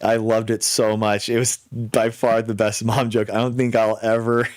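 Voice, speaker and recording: A man hosting a casual livestream, talking to viewers with quick restarts and mocking asides. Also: lowish voice, level tone, a little mellow, no echo, clean studio sound. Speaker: livestream host.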